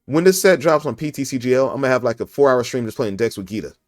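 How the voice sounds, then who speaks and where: A man's voice: medium pitch, expressive, fast, no echo. A man hosting a casual podcast over an online call, joking around in a goofy way and laughing often. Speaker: podcast host.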